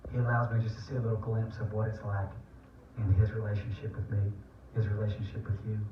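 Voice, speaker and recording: A man's voice: lowish voice, little pitch movement, fast, background noise. A man giving a personal testimony sermon to an audience, telling family stories in an earnest, tender way. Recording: dull, echoey room from far off.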